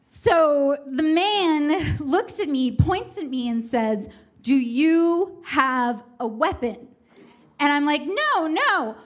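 A woman telling a first-person comic story in a wry, self-mocking way, building up the tension as she goes. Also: sits high.

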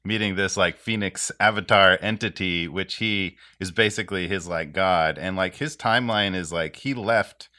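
A man's voice: sits low, moderate pace, few pauses, sharp tone. A man chatting casually and reflectively, laughing as he talks. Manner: reflective, laughs while talking. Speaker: podcast co-host and player. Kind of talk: casual chat.

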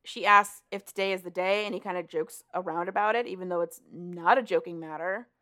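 A woman's voice: lowish voice, fairly even intonation, brisk, a bit bright. A woman co-hosting a podcast, retelling a book's plot in a rambling, casual way with plenty of swearing. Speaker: podcast co-host. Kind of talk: casual book recap chat.

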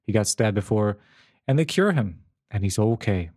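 A man in casual conversation, talking in a rambling, animated way with frequent restarts and laughs. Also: on the low side, normal speed. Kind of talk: casual chat.

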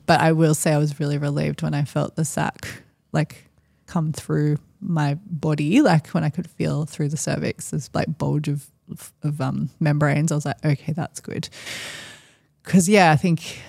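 A woman's voice: sits low, level tone, moderate pace, creaky, dark tone, no room sound, clean studio sound. A woman, a podcast guest, telling a personal story in a chatty, rambling way with lots of fillers. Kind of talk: casual storytelling.

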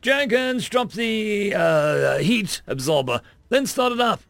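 A man's voice: fairly high pitch, lively intonation, moderate pace, a bit bright, dry recording, soft background music, voice pushed up. A man doing a breezy, careless admiral. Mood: commanding. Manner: breezy, offhand, bossy. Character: giddy, careless male admiral, nonchalant and offhand.

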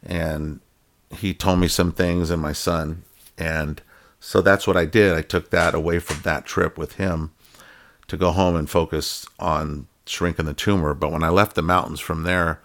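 Deep-voiced man telling a rambling story. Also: little pitch movement, a little slow, a bit bright. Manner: rambling, full of fillers and restarts. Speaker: guest telling his story. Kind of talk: casual storytelling.

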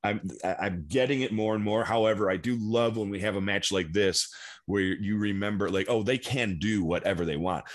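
A man co-hosting a wrestling podcast, talking enthusiastically but haltingly and swearing casually. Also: fairly low pitch. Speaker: podcast co-host. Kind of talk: casual chat.

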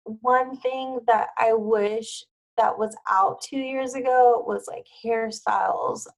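A woman guest on a podcast talks in a loose, easy way, dropping "like" into nearly every phrase. Her voice sits a little high and has a gravelly edge of fry. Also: fairly even intonation, takes it slowly, poor audio. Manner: chatty, with many "like" fillers. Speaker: wedding planner, podcast guest. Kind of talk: casual interview chat.

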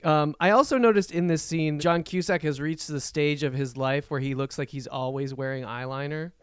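Wry man, smooth dry voice. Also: a little high, steady tone, normal speed, dry recording. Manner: wry, joking asides. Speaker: podcast co-host. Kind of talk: casual movie review chat.

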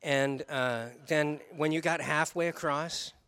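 Man preaching with animated storytelling. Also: fairly high pitch, slow pace, smooth. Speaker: pastor. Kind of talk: sermon with personal story.

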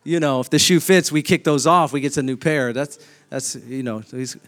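A pastor preaching a sermon with emphatic, repeated declarations. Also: male voice, medium pitch, moderate pace, a bit bright.

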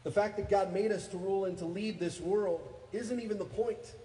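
Energetic preaching man in echoey church. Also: high-pitched, normal speed, a little hiss or hum. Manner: energetic preaching, calls for responses, rises to loud peaks. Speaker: pastor. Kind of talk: sermon. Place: church sanctuary. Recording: echoey hall, faint ambience.

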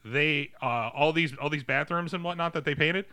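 A man's voice: fairly high pitch, moderate pace, bright, forceful tone, clear, resonant tone, dry recording. A man co-hosting a movie podcast, sharing film trivia with many hesitations. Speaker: podcast co-host. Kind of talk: casual movie review chat.

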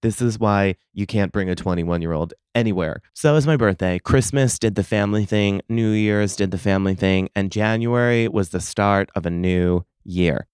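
A man's voice: lowish voice, normal speed, hardly any pauses, darkish tone, clear, resonant tone, dry recording, clean studio sound. A man in his thirties hosting a solo podcast, telling stories in casual chat with profane, dramatic complaints. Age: 30s. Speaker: podcast host.

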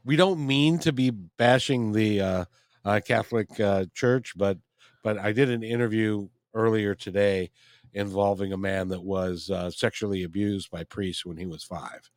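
A man's voice: on the low side, a little slow, no echo, clean studio sound. Earnest male radio talk host.

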